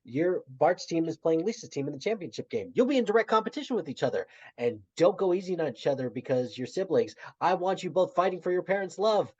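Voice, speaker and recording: A man putting on a bumbling cartoon dad's voice, loud and rising into a shouted chant. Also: on the high side, sing-song, fast talker, hardly any pauses, breathy edge, lo-fi sound, pitched above the performer's own voice. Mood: egging on. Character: bumbling cartoon dad egging kids on.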